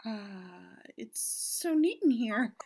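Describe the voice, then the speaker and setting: A woman's voice: fairly high pitch, animated, a little mellow, breathy edge, full character voice. Woman playing a busy phone-glued professional. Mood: breezy. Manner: brisk, breezy, talking on a phone. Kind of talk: amateur audio drama.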